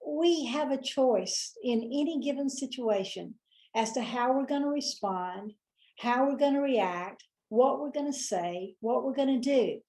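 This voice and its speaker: A woman with a Southern US accent telling a folksy, lively story as a motivational speaker. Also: high-pitched, unhurried.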